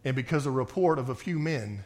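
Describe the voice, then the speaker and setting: A man preaching a sermon and reading scripture aloud, swinging between forceful outbursts and quiet reading. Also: mid-range voice, animated, fairly quick. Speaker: pastor.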